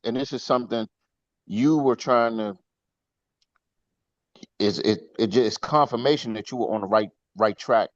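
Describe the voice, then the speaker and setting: A man's voice: medium pitch, moderate pace, long pauses, no echo. Man chiming in over dull dry line. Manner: chiming in, affirming. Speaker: team member on the call. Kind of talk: casual chat.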